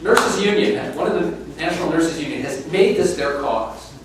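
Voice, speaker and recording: A man's voice: a little high, animated, moderate pace. Man telling a story to a room. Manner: storytelling, addresses the audience directly. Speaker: keynote speaker on inequality. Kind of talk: public talk with storytelling. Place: conference room. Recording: echoey room from far off, faint noise.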